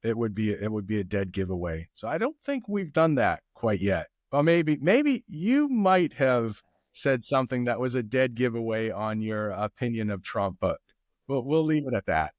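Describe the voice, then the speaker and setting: A man's voice: mid-range voice, sing-song, moderate pace, dry recording, clean studio sound. An American man, a guest English teacher, chatting casually on a podcast in an easygoing way, often repeating his phrases. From United States.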